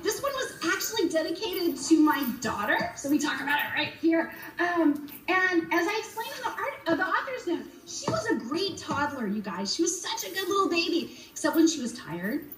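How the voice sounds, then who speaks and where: Bubbly high-voiced woman author. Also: very animated, moderate pace, few pauses, a bit bright, echoey room, distant mic, rough recording. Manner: bubbly, upbeat, talks to kids. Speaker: children's book author. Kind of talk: virtual school visit Q&A.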